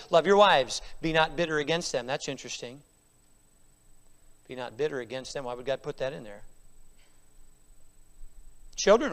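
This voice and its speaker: A man preaching a sermon as pastor, moving between hushed, slow scripture reading and loud, emphatic repetition. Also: on the high side. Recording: long hall reverb.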